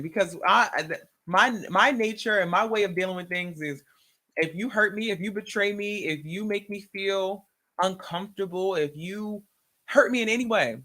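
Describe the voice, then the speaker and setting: A woman telling an emotional personal testimony in a conversation, animated and acting out the words in quotes. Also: mid-range voice, normal speed. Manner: animated, acts out her own and others' words in quotes. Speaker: guest sharing a testimony.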